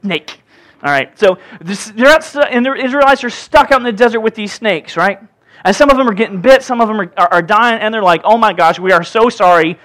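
Lively high-voiced male pastor preaching. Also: fairly quick. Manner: lively, joking, acts out voices while reading scripture. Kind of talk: sermon.

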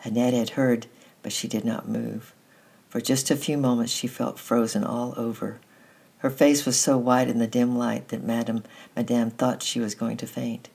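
A storyteller reading a children's story aloud at a steady pace, sometimes restarting a phrase. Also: medium pitch, moderate pace, gravelly, slightly rough. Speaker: narrator. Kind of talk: storybook narration.

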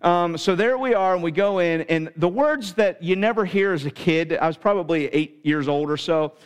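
A middle-aged man from Pennsylvania, a pastor delivering a sermon through an animated, self-mocking story. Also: high-pitched, moderate pace, clear, resonant tone, in a large hall.

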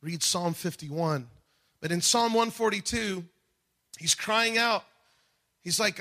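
High, bright-voiced preaching man. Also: takes it slowly, pauses often. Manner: dynamic preaching, swings from soft to shouting. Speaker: pastor. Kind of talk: sermon.

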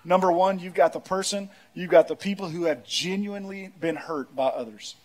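A male pastor preaching a sermon in a church, telling humorous stories, leading the congregation in call-and-response and rising to shouts. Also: high-pitched, normal speed. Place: church auditorium.

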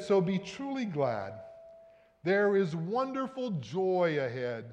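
A man delivers a sermon with a fairly high voice, pressing his points and then dropping to near hush. The sound rings with the long reverb of a large hall. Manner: emphatic, rises and falls in loudness for effect. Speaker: preacher.

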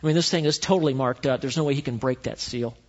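Male pastor, sermon delivery, animated and storytelling, reverberant sanctuary with muffled recording. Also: medium pitch, fast. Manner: animated storytelling, swings from loud to quiet. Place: church sanctuary. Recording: echoey hall, dull lo-fi sound.

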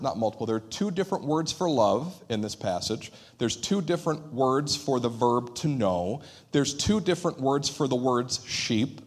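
A pastor with a mid-range voice preaches earnestly, dropping to a hush for emphasis and acting out quoted dialogue.

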